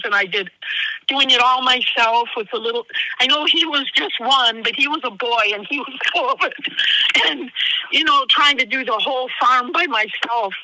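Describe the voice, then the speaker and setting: Woman, middle-aged, tearful, rambling, heartfelt, high voice, bright, phone line, dry sound. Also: no echo. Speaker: caller.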